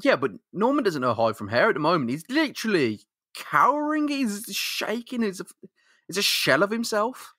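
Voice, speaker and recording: A man's voice: sits high, very animated, normal speed, sharp tone, no room sound, clean studio sound. A man co-hosting a casual comic-book podcast, making emphatic points, swearing and laughing along. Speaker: podcast co-host.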